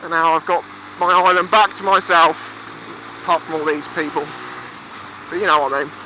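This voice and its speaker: A man's voice: fairly high pitch, steady tone, moderate pace, bright, forceful tone, poor audio. A young Englishman in his twenties telling stories for his vlog while riding a motorbike by the sea, chatty and swearing freely. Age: 20s. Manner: chatty, swears freely, acts out quoted voices. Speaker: vlogger. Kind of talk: casual storytelling vlog. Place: outdoors on a motorbike by the seafront. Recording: faint road and engine noise.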